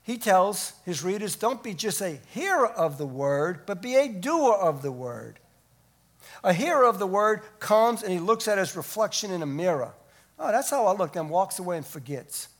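High-voiced preaching man. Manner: rising to emphatic peaks, then dropping low and quiet. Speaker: pastor. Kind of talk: sermon.

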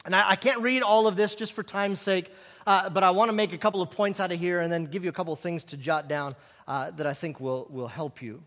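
A man preaching a sermon in an animated way, acting out the scenes he tells and dropping sarcastic asides. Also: high-pitched, fairly quick, long reverb tail. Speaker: pastor.

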